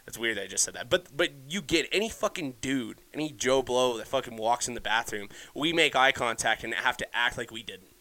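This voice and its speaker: A man's voice: mid-range voice, animated, a little fast, few pauses, sharp tone. Young man ranting with heavy profanity. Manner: profane, heated ranting with frequent restarts. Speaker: podcast host. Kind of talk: casual solo podcast rant.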